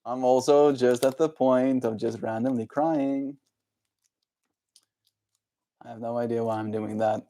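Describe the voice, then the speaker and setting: A man chatting casually on a livestream, reading viewer comments and speaking to viewers in a gentle, encouraging way. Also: medium pitch, fairly even intonation, measured pace, pauses often.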